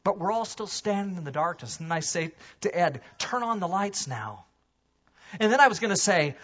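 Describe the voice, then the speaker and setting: Husky, animated man preaching. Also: moderate pace, lo-fi sound. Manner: animated preaching, swings from loud emphasis to hushed low asides. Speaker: pastor. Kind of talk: sermon. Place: church sanctuary.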